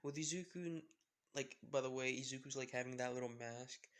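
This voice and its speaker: A man's voice: mid-range voice, brisk, fairly bright tone, clean tone. A man casually retelling a fan story, rambling with fillers and self-corrections.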